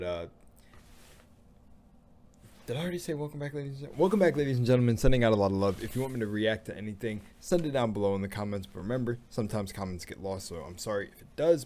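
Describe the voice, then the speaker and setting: Rambling low-voiced male reaction host. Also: a little mellow, a little hiss or hum. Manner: rambling, restarts and trails off. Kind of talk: casual chat to camera.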